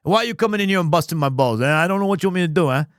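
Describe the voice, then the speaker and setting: A man's voice: high voice, animated, very fast, dry recording, clean studio sound. A man voicing a dim, blustery male detective with a put-on New York accent. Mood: exasperated. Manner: blustery, complaining.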